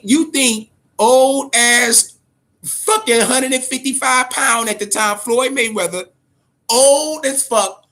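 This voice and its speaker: A man hosting a boxing talk show, giving casual, profane commentary in an animated way, often repeating words and tagging on "man" and "all right?". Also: very high-pitched. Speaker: boxing podcast host.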